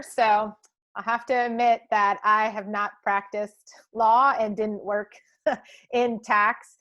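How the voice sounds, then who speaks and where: A woman's voice: medium pitch, little pitch movement, takes it slowly, fairly bright tone, dull audio. A young woman presenting a live webinar, answering questions with frequent ums.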